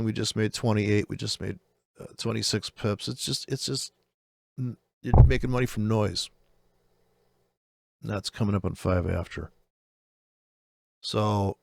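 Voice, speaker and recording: A man with a gravelly, creaky voice rants through live trading commentary, blunt and profane. His pitch sits in the usual middle range for a man, and the recording is close and dry with no room sound. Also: dry recording. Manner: blunt, profane, ranting, restless. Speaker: forex trading streamer. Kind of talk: unscripted trading commentary over charts.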